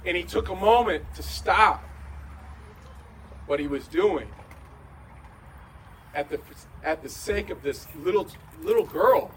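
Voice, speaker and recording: A man preaching a conversational sermon in a large room, going from hushed to shouting. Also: high voice, animated, takes it slowly, pauses often, far from the mic, slight background noise, poor audio. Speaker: pastor.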